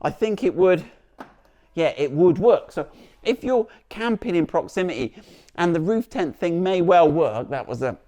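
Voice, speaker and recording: A man's voice: fairly high pitch, expressive, moderate pace, dark tone. A man presenting a car vlog outdoors beside the vehicle, chatty and jokey, rambling with restarts as he demonstrates.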